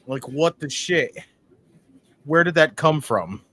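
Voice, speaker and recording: A man co-hosting a wrestling watch-along, reacting casually with frequent swearing and sudden loud outbursts. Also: fairly high pitch, lively intonation, takes it slowly, husky.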